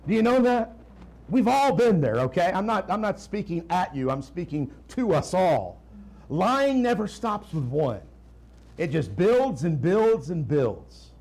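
A man delivers a sermon from the pulpit, his tenor voice riding high above most men's. He slows right down to press each point, then drops into fast, hushed asides to his congregation. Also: low-quality recording. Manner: animated preaching, swinging between slow emphatic lines and quiet asides. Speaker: pastor.

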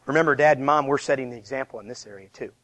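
A man's voice: medium pitch, rapid-fire, no echo. A man in his thirties, a pastor giving a conversational, emphatic sermon full of repeated rhetorical questions. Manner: lively, conversational preaching with self-deprecating asides.

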